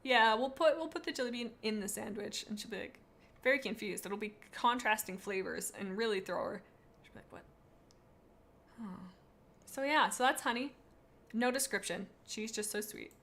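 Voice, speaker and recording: A woman's voice: on the high side, moderate pace, a bit bright. Playful woman streamer rambling to chat. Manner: playful, rambling, reads chat comments aloud. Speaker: streamer rating viewers' cat photos. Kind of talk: casual live-stream chat. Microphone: desk microphone.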